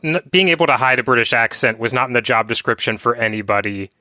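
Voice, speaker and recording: Man, crisp smooth voice, dry close sound, casual podcast chat, thoughtful, meandering. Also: mid-range voice, quick pace, sharp tone, no echo. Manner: thoughtful, meandering, filler-heavy. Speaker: podcast co-host.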